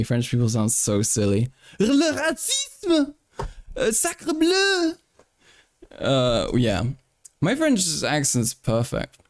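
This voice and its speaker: A man's voice: medium pitch, darkish tone, dry recording, studio quality. A man live-streaming casual commentary, joking and swearing as he reacts to a video. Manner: joking, swearing, switches into mock French.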